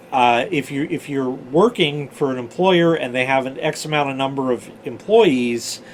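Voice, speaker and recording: This storyteller host, a man in his forties, rambles through old stories, cursing often and wandering off topic in a chatty way. His pitch is fairly high, and there's slight background noise.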